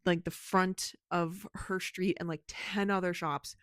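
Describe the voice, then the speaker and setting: A woman chatting casually about books in a home vlog, talkative and quick to laugh. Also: fairly low pitch, fairly even intonation, fairly bright tone, no echo. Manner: chatty, laughs often, frequent "like". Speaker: book vlogger. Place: home, on the couch.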